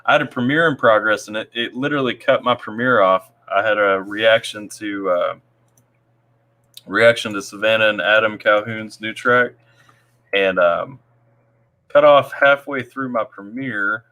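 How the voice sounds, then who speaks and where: Stream host, male, from Tennessee, bright, low-ish voice, laid-back. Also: moderate pace. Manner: reads viewer comments aloud, laid-back. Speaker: livestream host. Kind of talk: casual live stream chat.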